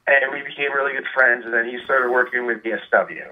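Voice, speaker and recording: A man's voice: mid-range voice, steady tone, fast. A man telling rambling stories with many fillers as a guest in a casual phone interview. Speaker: guest, wrestler. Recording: tinny phone line.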